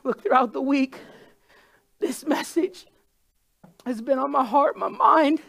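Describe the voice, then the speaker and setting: A woman's voice: high-pitched, takes it slowly, vocal fry. A woman preaching a sermon to a congregation in a church room, impassioned and repeating herself for emphasis. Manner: impassioned, building to loud crying pleas.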